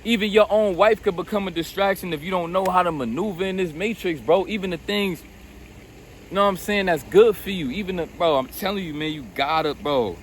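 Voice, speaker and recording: Man, motivational rant, blunt and profane, keeps saying bro, fairly high voice, faint vehicle hum behind. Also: a little fast. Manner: blunt, profane, repetitive, addresses listener as bro. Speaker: self-help video host.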